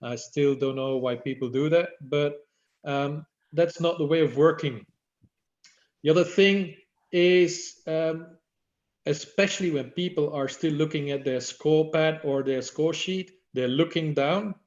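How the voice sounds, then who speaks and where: A man's voice: fairly high pitch, a little slow. A man giving an online workshop for badminton umpires, explaining and demonstrating how to use the voice. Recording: echoey, dull lo-fi audio.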